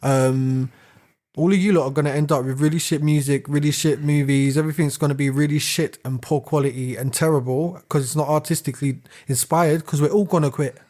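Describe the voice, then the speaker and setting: A man's voice: a little high, steady tone, brisk, darkish tone. Rambling man on a podcast. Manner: rambling, laughs often, drifts into rants. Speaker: podcast co-host. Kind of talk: casual chat.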